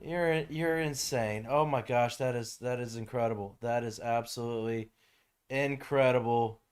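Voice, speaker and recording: A man live-streaming a strategy game, chatting casually with viewers and breaking into loud, shocked exclamations. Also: medium pitch, fairly even intonation, normal speed, smooth.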